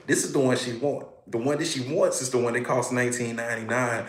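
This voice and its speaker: A man's voice: mid-range voice, fairly even intonation, fast talker, few pauses, roomy sound. A man, a hypnotherapist, hosting a casual livestream, talking animatedly and greeting viewers by name.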